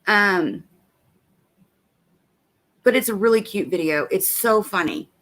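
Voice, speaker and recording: Woman, stream host, rambling casual chat at home with a baby around, reads comments out loud. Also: medium pitch, lively intonation, slow pace.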